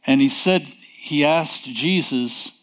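A man preaching a sermon, emphatic and deliberate, posing rhetorical questions and answering them himself. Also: on the high side.

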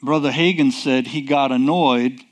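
A man preaching a sermon, emphatic and deliberate, posing rhetorical questions and answering them himself. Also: medium pitch, fairly even intonation.

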